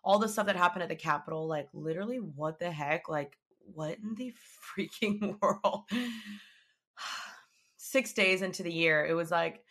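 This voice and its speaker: A woman in her twenties hosting her own podcast, chatting casually and telling stories in a lively way. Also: fairly low pitch, moderate pace. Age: 20s. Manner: chatty, animated storytelling. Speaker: podcast host. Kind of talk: casual chat. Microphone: podcast microphone.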